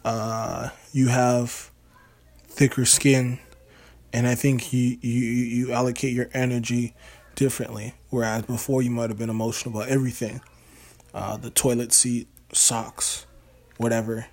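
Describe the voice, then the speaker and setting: A man's voice: mid-range voice, little pitch movement, measured pace, a little mellow. Laid-back hesitant man podcaster. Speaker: podcast co-host. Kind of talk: casual couple's podcast chat.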